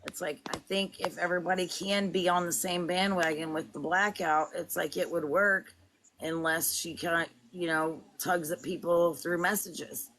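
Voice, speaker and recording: A woman's voice: lowish voice, fairly even intonation, moderate pace, a bit bright. A woman, chatting casually on a livestream from her home kitchen and talking in long, rambling stretches. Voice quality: rambling, fond of "it's like".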